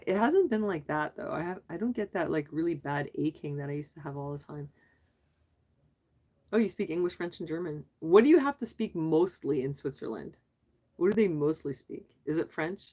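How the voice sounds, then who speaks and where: A woman's voice: lowish voice, animated, moderate pace, dark tone. A middle-aged woman hosting a casual livestream, chatting with viewers and reading their comments aloud, asking questions back and laughing often. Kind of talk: casual live chat.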